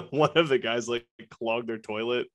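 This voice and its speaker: A man's voice: medium pitch, a little slow. A man cohosting a podcast, joking and laughing a lot and swearing freely in casual chat.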